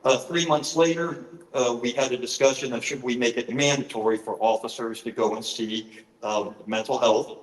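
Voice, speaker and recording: Middle-aged male author, mid-pitched, earnest storyteller, roomy conference-hall sound. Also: fairly even intonation, moderate pace. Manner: earnest, storytelling, frequent fillers. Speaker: author giving a presentation. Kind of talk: conference talk with personal stories.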